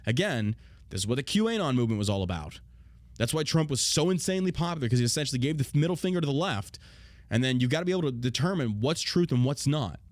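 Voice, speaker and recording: Fast, animated, profane male host. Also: mid-range voice, no room sound, studio quality. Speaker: show host. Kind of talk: casual political rant.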